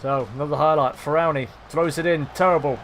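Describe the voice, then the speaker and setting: A young man commentating live on his football management game, swearing and shouting at his players. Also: a little high, fairly even intonation, fast, a little hiss or hum. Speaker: gaming commentator.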